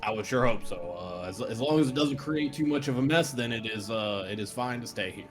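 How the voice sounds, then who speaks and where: A man's voice: medium pitch, brisk, over music. A young man narrating as game master for friends on a voice call, laughing often. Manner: laughing often, lively storytelling.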